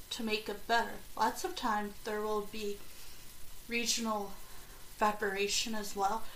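A woman podcaster reads at an unhurried, halting pace, stopping for chatty little asides. She sits back from the microphone in a roomy, echoing space with a faint hum of ambience behind her. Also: mid-range voice. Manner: slow, halting reading with chatty excited asides. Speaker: podcast host. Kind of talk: casual podcast reading aloud with asides. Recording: roomy echo, distant from mic, faint ambience.

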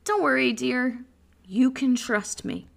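A woman voicing a calm, overconfident husband who brushes off worries in a breezy, reassuring way. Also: high-pitched, slow, exaggerated voice.

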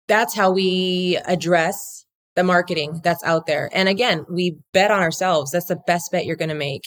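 A woman who co-founded a law firm, talking energetically and bluntly as an interview guest, now and then swearing and mimicking other people's voices. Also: lowish voice. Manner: swings into acted quotes of others. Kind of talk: casual interview talk.

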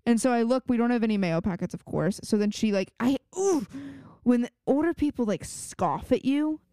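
A woman's voice: on the high side, expressive, brisk, warm tone, dry recording, studio quality. A young woman co-hosting a podcast in casual chat, telling indignant stories from work. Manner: storytelling, indignant. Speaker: podcast co-host.

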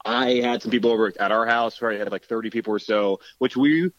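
A man's voice: lowish voice, steady tone, quick pace, dry recording. A man joining a podcast as a guest, telling self-deprecating stories with jokes in casual chat. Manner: joking, self-deprecating storytelling. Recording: dull, dry lo-fi sound.

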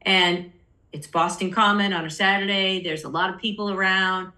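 A woman's voice: medium pitch, steady tone, moderate pace, pushed and bright. A middle-aged woman, a podcast guest, telling her personal story candidly and acting out the voices of people she quotes. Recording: roomy echo.

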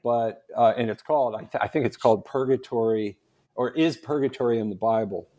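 A man as a guest on a podcast interview, an animated storyteller who laughs often. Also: medium pitch, a little fast. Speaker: guest, Catholic apologist.

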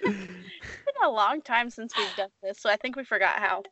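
A woman's voice: on the high side, big pitch swings, creaky, bright, forceful tone, no echo. A woman co-hosting a podcast from home, chatting and joking with friends in a casual, riffing way. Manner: chatty, jokey, quick to riff. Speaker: podcast co-host. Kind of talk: casual chat. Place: at home, apart from co-hosts.

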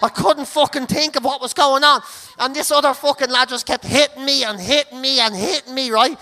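An Irish man hosting a podcast, telling a comic story in a sweary, laughing, animated way. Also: very high voice, a little fast. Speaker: comedian podcast host.

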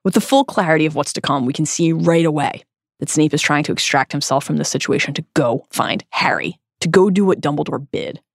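A woman co-hosting a podcast, reading a scripted essay earnestly and dramatically, with slow, emphatic stresses. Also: deep voice, vocal fry, dry recording, clean studio sound. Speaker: podcast co-host.

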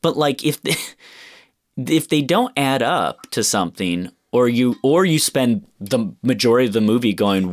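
A man's voice: medium pitch, animated, unhurried. A man in casual chat, animatedly ranting about a movie with lots of swearing and acted-out quotes. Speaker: podcast co-host reviewing a film.

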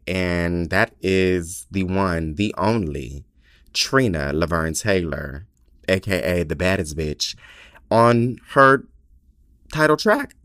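Man, podcast host, casual chat, lowish voice, dry close sound, candid and swearing, self-mocking. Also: a bit bright, no room sound. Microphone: small podcast mic.

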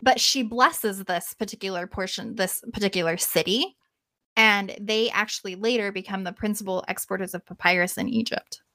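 Woman telling a story, lively and casual. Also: mid-range voice, normal speed, no echo. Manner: lively, casual swearing, acts out quotes. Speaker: podcast host.

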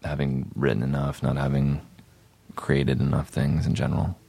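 A young man answers in short, understated replies. His voice is extremely deep and full of fry. It is recorded dry and close. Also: moderate pace, no room sound. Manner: terse, flat, understated answers. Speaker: guest. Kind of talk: casual interview chat.

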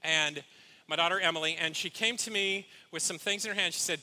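A man's voice: on the high side, fairly quick, sharp tone. A middle-aged man, a pastor, giving a sermon in a heartfelt, storytelling way with asides to the congregation.

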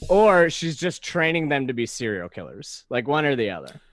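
A man chatting casually on a podcast, spinning playful dark jokes. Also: mid-range voice, sing-song, moderate pace, a crowd in the background. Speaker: podcast guest. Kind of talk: casual chat.

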